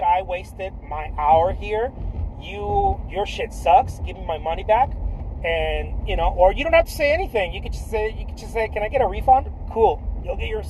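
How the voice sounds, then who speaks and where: A man coaching artists in a casual, blunt and profane pitch, repeating himself often with lots of restarts. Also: darkish tone, slight background noise, low-quality recording. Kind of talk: casual direct-to-camera pitch.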